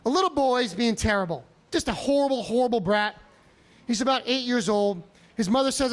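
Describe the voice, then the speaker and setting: High-voiced man doing stand-up. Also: a little fast. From Chicago. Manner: animated storytelling with loud outbursts. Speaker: stand-up comedian. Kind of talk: stand-up set. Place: comedy club stage.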